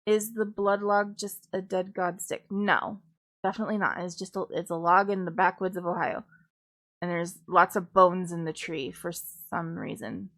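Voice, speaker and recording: A woman's voice: lowish voice, steady tone, normal speed, fairly bright tone. A woman streamer talking in a loose, casual way, rambling with lots of fillers, restarts and the odd swear word. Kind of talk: casual chat.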